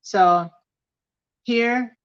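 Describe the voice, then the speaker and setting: A woman's voice: a little high, very slow. Woman teaching a livestream, lo-fi sound. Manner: teaching, repeats key points, reads chat comments aloud. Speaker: host of a couples study livestream. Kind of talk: casual teaching livestream, reading aloud from a book.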